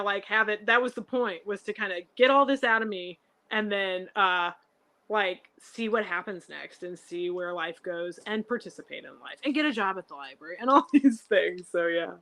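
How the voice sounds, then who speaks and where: A woman's voice: medium pitch, bright, forceful tone. A woman poet chatting casually on a show, effusive, giggly and rambling. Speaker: poet, co-host guest. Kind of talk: casual chat.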